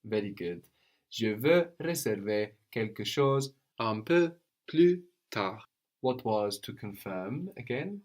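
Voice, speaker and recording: A man teaching a language lesson, patient and probing, often checking with a quick "no?". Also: on the low side, expressive, a little mellow. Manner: patient, prompts with questions, tag "no?".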